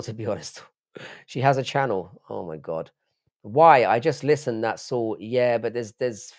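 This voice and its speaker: Man, 30s, stream host. Blunt, profane, casual chat reading viewer comments. Middle pitch. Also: a little mellow. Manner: blunt, swears a lot, reads chat aloud. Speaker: livestream host.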